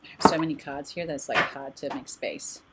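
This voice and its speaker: Deep-voiced and steady, this oracle card reader and meditation channel host speaks fairly quickly on a very noisy recording. She livestreams a casual card reading from a closet studio at home, chatting openly and reading out messages.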